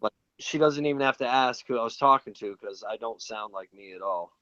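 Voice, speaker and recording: A man's voice: medium pitch, a little fast, pushed and bright, dry recording, lo-fi sound. A man who grew up in a British household in Florida, chatting casually and teasingly as a show co-host, with a mostly American accent. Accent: American, with a put-on British voice at times. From England. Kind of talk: casual chat.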